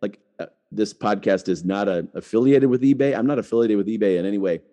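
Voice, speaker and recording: This middle-aged podcast host talks fast in a mellow, fairly low voice, filling his casual chatter with "like" and restarted sentences. The audio quality is lo-fi.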